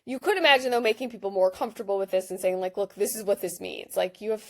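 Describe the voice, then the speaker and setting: A woman in her thirties giving a chatty, animated product walkthrough while she clicks through an app, with lots of "like" fillers. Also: mid-range voice, quick pace. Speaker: behavioral design researcher. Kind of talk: screen-share product walkthrough.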